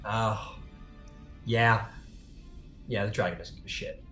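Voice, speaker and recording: A man's voice: fairly low pitch, fairly even intonation, slow, a bit bright, reverberant, soft background music, rough recording. A man running a tabletop game as game master, narrating loosely with lots of fillers and the odd swear.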